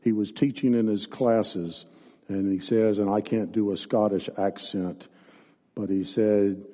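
A man preaching a sermon as pastor, speaking in an earnest, deliberate way, recorded in a church sanctuary on a dull lo-fi recording with long reverb. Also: lowish voice, steady tone.

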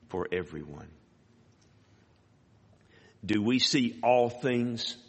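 A man preaching a sermon. He reads scripture aloud and rises sharply in pitch on emphatic words. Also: fairly bright tone. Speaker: pastor. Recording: hall reverb.

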